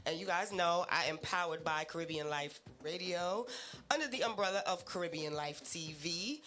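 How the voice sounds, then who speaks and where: Hoarse young woman radio host, bubbly and excitable, bright tone. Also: fairly low pitch, normal speed. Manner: bubbly, excitable, laughs easily. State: hoarse, voice not recovered. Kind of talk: casual radio chat.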